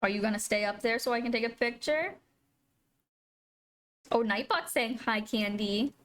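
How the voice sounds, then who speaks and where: A woman's voice: fairly high pitch, moderate pace, a bit bright. A woman live-streaming a video game, chatting casually with viewers and gushing over her pets. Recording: faint music behind.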